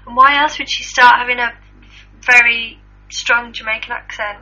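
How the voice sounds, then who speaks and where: A woman's voice: a little high, steady tone, normal speed, pushed and bright. A woman co-hosting a radio show, playful and sceptical as she reads out gossip and argues her point. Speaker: radio co-host. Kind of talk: casual chat reading out news stories. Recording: slightly dull, lo-fi sound.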